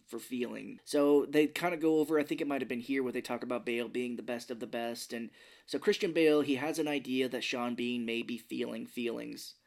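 A man's voice: medium pitch, brisk. Chatty man recapping a movie. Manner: chatty, laughs often, acts out quotes in a gruff whisper. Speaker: podcast co-host. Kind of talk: casual movie recap chat.

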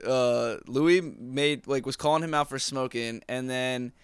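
A man's voice: medium pitch, measured pace, clean tone, dry recording, clean studio sound. A man in casual, argumentative banter about comedians. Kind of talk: casual chat.

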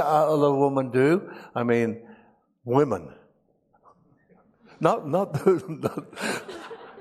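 Guy preaching, reads the bible then jokes around, gets choked up, plain mid voice. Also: mid-range voice. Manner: emotional, humorous asides. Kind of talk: sermon with scripture reading.

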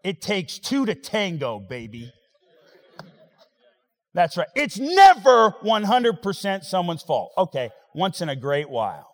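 A man preaching a sermon as pastor, swinging between loud rising exhortation and quiet, wry asides. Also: high voice, huge pitch swings, measured pace. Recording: long hall reverb.

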